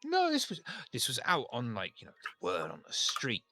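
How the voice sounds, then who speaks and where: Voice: medium pitch, wildly swooping pitch, normal speed, pushed and bright, no echo, soft background music. A game master narrating a tabletop horror game in a casual, joking way.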